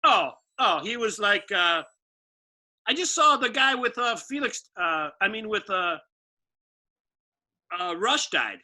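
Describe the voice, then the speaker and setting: A man's voice: high voice, animated, slow pace, long pauses, bright, forceful tone. A man as a guest on a video call, chatting in a laid-back, rambling way and trailing off with fillers. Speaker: guest, former pitcher. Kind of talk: casual video-call chat.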